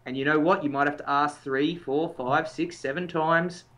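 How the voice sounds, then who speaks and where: A man's voice: on the high side, fairly even intonation, normal speed, a bit bright. A man co-hosting a motivational podcast as a life coach, talking in an emphatic, coaching way and demonstrating intensity.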